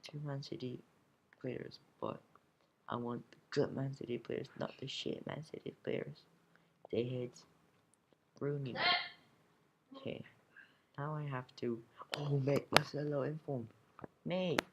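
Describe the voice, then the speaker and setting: A man's voice: medium pitch, fairly even intonation, unhurried, long pauses, a little mellow, dull audio, a little hiss or hum. A teenage boy commenting casually on his game, grumbling and swearing, sometimes dropping to a whisper, recorded at home. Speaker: gamer opening card packs.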